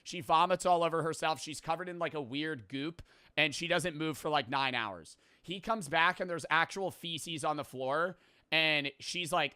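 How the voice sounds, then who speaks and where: A man's voice: on the high side, moderate pace, pushed and bright, clean tone, no room sound, studio quality. A young man casually recapping a movie plot, rambling and profane, laughing at the wilder parts.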